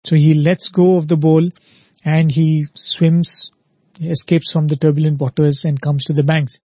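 A man talks through a spiritual parable in a thoughtful, unhurried way. His voice sits a little high but mellow and slightly husky. The sound is dry and dull, like a lo-fi recording. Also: little pitch movement, dry recording. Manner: reflective, repeats "very, very" and asks "right?". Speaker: spiritual speaker. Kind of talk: storytelling spiritual talk.

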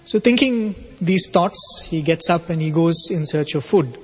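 A man telling a spiritual story as a sermon, in a measured, explanatory way. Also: fairly high pitch, expressive, husky. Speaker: spiritual speaker. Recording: long hall reverb.

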